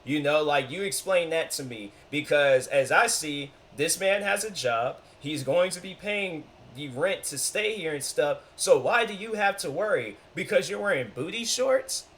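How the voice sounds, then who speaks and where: A man hosting a reaction video, talking in an animated, rambling way and acting out quotes. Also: fairly high pitch, moderate pace, few pauses. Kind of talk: casual reaction commentary.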